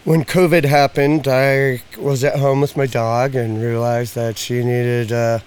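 Hesitant male guest, steady pitch. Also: a little slow, slight background noise. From eastern Washington, USA. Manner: hesitant, many "uh" fillers. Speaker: guest, small business owner. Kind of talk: casual interview.

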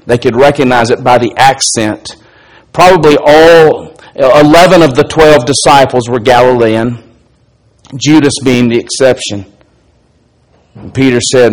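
A man preaching a sermon, reading scripture aloud and retelling its dialogue, moving between soft, low asides and raised, emphatic lines. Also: unhurried, pauses often, poor audio. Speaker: pastor.

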